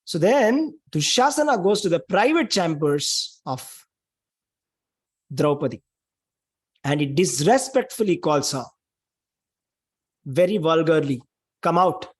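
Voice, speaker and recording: A man's voice: a little high, big pitch swings, takes it slowly, pauses often, slightly rough. A man giving a spiritual talk, retelling a scripture story in an emphatic, dramatic way with lots of repetition. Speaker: spiritual speaker.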